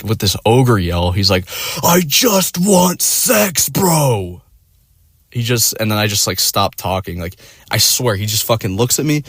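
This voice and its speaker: A man's voice: fairly low pitch, no echo, studio quality. A man telling a story in casual chat, swearing constantly and padding with "like" and "you know," acting out his friends' lines. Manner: profane, rambling, full of "like" and "you know"; animated, acts out friends in quoted voices.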